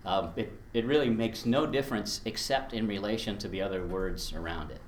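A man's voice: lowish voice, a little fast, roomy sound, slight background noise. A man teaching a workshop on verse rhythm, chatty and explaining with spoken examples, often chuckling. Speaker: Latin teacher. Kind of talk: workshop presentation.

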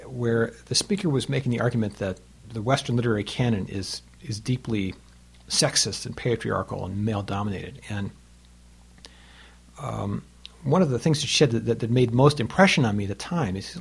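A man's voice: mid-range voice, moderate pace, vocal fry, breathy edge. A man in his fifties teaching a recorded lesson on Latin poetry, patient and explanatory, tapping out the rhythms aloud.

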